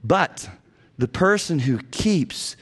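A middle-aged man teaching a lecture to biblical counselors. He acts out quoted prayers and pleas, swinging from loud and high to hushed and low, and stresses points with repeated phrases. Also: animated, slow pace, slightly rough. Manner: preacherly emphasis with repeated phrases.

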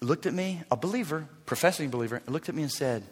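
A man in his fifties preaching a sermon as pastor, swinging from loud emphatic lines to hushed, near-whispered asides. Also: on the high side, expressive, fast talker, few pauses, husky, long reverb tail. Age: 50s.

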